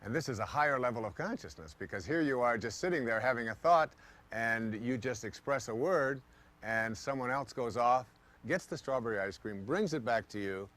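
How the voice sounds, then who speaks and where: A man's voice: medium pitch, normal speed. A man giving a motivational talk, telling stories and acting out the thoughts of the people in them. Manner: storytelling, acting out quoted thoughts in lively voices. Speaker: motivational speaker.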